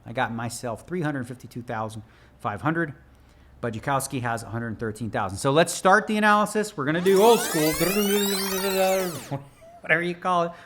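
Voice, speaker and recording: A man's voice: on the high side, animated, a little fast, fairly bright tone. A man who plays poker for a living, talking through one of his hands in a loose, joking, slangy way. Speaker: professional poker player analysing his own hand. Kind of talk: casual spoken hand analysis.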